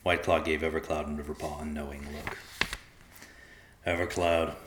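Male storybook narrator, calm and even, very deep, echoey room. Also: quick pace, noisy background.

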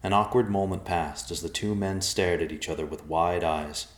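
A man narrates a storybook in a deep, low voice, steady and even. His reading carries a roomy echo. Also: normal speed. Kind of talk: audiobook narration.

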